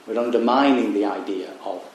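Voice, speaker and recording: A man giving a Buddhist dharma talk at a retreat, reflective and unhurried with wry asides. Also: lowish voice, creaky, darkish tone, slight background noise. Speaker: Buddhist meditation teacher. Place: retreat meditation hall. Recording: very echoey room.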